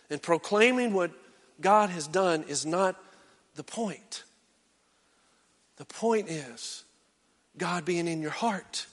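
A male pastor preaching a sermon, swinging from loud exhortation down to hushed, intense near-whispers. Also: high-pitched, big-room sound.

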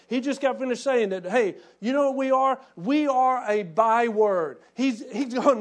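A male pastor preaching a sermon, acting out quoted prayers with passion and dropping to hushed, reflective tones. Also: very high voice, measured pace, few pauses.

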